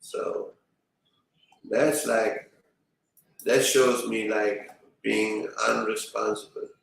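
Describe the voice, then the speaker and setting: Slow, gravelly-voiced man streaming. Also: on the low side, level tone, heavy reverb, distant mic, low-quality recording. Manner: rambling, fills with "you know". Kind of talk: casual storytelling to viewers.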